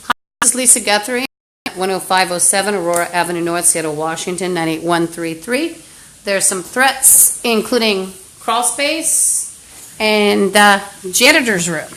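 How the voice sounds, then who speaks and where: Brief: woman, mid-pitched voice, furious profane livestream rant berating invisible enemies. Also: animated, moderate pace, a bit bright, slight background noise, low-quality recording. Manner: profane, hostile, berating unseen listeners. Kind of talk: angry live-stream rant. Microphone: phone livestream.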